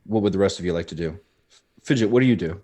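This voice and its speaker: A man narrating a tabletop game as game master, with many pauses and fillers. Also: low voice, mellow. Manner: hesitant, filler-heavy narration.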